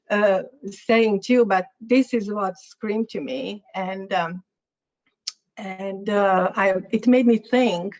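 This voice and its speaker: A Hungarian-accented woman speaks at a middle pitch, telling a lecture audience about her own work in a frank, hesitant way as she hunts for the right words. Her voice is a little hoarse. The recording sounds somewhat dull and muffled. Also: darkish tone. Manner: halting, searching for words, candid. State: slightly hoarse, clearing throat. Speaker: guest artist lecturer.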